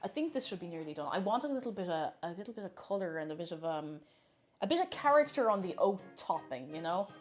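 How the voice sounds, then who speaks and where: A woman's voice: lowish voice, big pitch swings, fast talker, faint music behind. A woman chatting casually while baking live in her kitchen, laughing often and reading out chat messages.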